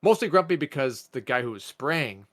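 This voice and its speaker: A man's voice: medium pitch, expressive, moderate pace, fairly bright tone. A man, co-hosting a podcast and telling a story in casual chat, swearing a lot and acting out quotes. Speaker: podcast co-host.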